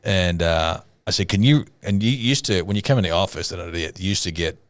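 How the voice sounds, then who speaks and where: A man in his sixties with an Australian accent, a pastor co-hosting a show, telling a long funny story in a casual, animated way and often laughing. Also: low-pitched, fairly quick, no echo.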